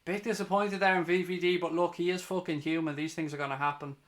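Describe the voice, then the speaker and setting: A man's voice: on the high side, steady tone, fast talker, fairly bright tone. A man doing live match reaction as a fan channel host, mixing play-by-play with heated, sweary rants.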